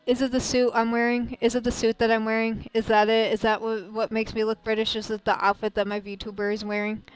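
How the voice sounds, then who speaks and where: Animated young American woman streamer, laughing. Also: fairly high pitch, a little fast, clean tone, rough recording. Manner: animated, rambling, laughs often; polite, somewhat formal phrasing. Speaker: VTuber let's-play streamer. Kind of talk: casual game commentary.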